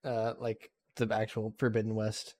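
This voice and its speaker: A young man hosting a casual chat among friends, rambling with halting restarts. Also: on the low side, completely flat delivery, darkish tone, slight background noise.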